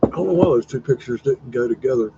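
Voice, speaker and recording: Brief: man as live-stream host, rambling and profane, mid-pitched voice, dull lo-fi audio. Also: level tone, fast, background noise. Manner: rambling, profane, wondering aloud, teasing his dog. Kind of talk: casual live-stream commentary on old photos.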